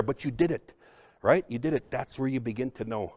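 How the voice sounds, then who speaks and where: Energetic man leading a workshop. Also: medium pitch, brisk, no room sound, studio quality. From Upper Midwest, United States. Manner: energetic, joking, addresses the crowd as folks. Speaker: cultural trainer. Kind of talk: lively workshop presentation.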